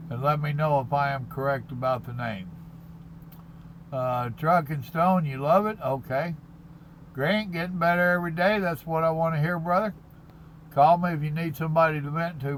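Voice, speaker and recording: Parked in his truck cab at a stop, a truck driver chats casually on a live stream, reading viewer comments in a folksy, slow drawl and calling people "brother." His voice is on the high side, and the low-quality recording carries slight background noise.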